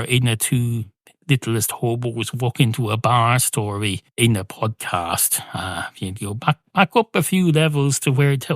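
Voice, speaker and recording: A man hosting a podcast, telling a rambling comic monologue in a deadpan, self-interrupting way with plenty of swearing. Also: medium pitch, dry recording, clean studio sound. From Ireland. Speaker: podcast host and narrator.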